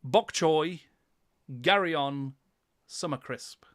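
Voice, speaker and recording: A man's voice: fairly high pitch, drawn-out words, dry recording, clean studio sound. A man hosting a casual livestream quiz, playful and teasing, often breaking into laughter. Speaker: quiz host.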